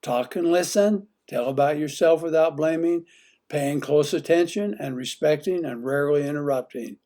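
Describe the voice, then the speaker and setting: A man's voice: a little high, moderate pace, mellow. A man giving an instructional talk on marriage, putting many direct questions to the listener. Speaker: marriage teacher.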